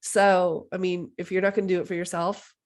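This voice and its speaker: A woman's voice: fairly low pitch, flat delivery, fairly quick. Chatty enthusiastic woman podcast host. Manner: chatty, enthusiastic, frequent "like" and "you know". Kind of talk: casual solo podcast talk.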